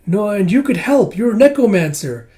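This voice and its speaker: A man voicing a small, earnest fox girl who pleads with high, breathless urgency in a comic book read-aloud. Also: sing-song, normal speed, dark tone. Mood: pleading, urgent.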